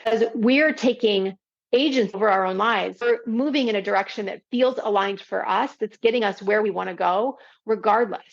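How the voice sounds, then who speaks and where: A woman's voice: medium pitch, normal speed, creaky, highs cut off. A woman hosting a podcast, teaching listeners in a conversational way and checking in often with "right?" as she explains. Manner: explains step by step with frequent "right?" asides. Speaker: podcast host and parenting coach.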